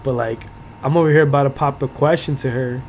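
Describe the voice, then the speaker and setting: A man's voice: medium pitch, fairly even intonation, quick pace, darkish tone, a little hiss or hum. A young man hosting a podcast, telling a school story in loose, profane talk, full of "like" and laughter. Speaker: podcast host. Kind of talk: casual storytelling.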